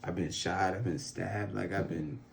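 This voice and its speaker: A man in his thirties from Phoenix, Arizona, is an interview guest telling casual stories on an outdoor balcony. His low voice has vocal fry, fairly even intonation and a moderate pace, with a little hiss or hum. He's laid-back and profane, rambling with many fillers.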